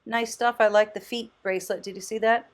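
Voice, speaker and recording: A woman vlogging casually as a thrift host, chatty and enthusiastic, often exclaiming and thinking out loud. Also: on the high side, steady tone, brisk. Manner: muses aloud, thinking out loud. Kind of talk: casual vlog commentary.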